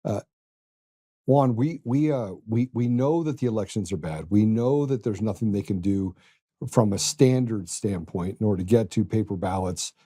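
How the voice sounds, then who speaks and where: A man's voice: lowish voice, normal speed, mellow, slightly rough. A man hosting a political talk podcast, telling stories in an earnest conversational way. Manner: earnest, storytelling. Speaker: podcast host.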